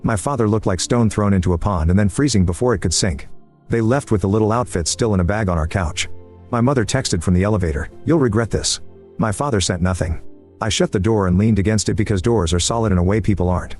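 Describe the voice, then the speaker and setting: Male narrator, steady scripted reading, brisk delivery, slightly low register. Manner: even, measured reading with dry similes. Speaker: story narrator. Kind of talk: scripted first-person story narration. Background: faint background music.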